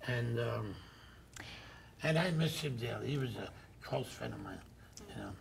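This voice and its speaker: An older man hosting a talk show, telling rambling, animated stories. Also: mid-range voice, measured pace, creaky, a crowd in the background. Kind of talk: anecdotal chat.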